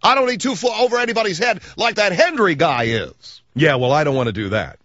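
A man's voice: high voice, lively intonation, fairly quick, sharp tone, no room sound, highs cut off, pitched above the performer's own voice, heavily acted. A man voicing a smug, dim radio host with a cartoonish drawl who overexplains everything. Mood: condescending. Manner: overexplains, condescending.

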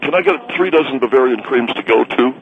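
A man's voice: mid-range voice, animated, quick pace, narrow, tinny audio, close to an everyday voice. A man playing a gluttonous, indignant middle-aged documentary filmmaker in a comedy sketch. He talks with his mouth full and sounds petulant. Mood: huffy. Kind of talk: comedy radio sketch impression.

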